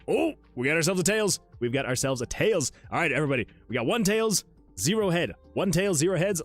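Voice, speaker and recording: Brief: man, livestream host, high-ish voice that swings widely, excitable chat, music underneath. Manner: excitable, laughs often, reads chat messages aloud. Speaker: livestream host and game developer.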